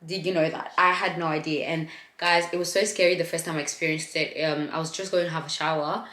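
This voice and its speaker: Low-voiced young woman chatting candidly. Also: fairly even intonation, fast talker, fairly bright tone. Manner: chatty and candid, addresses viewers as guys. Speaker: vlogger sharing her postpartum story. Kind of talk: casual chat to camera. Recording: echoey room.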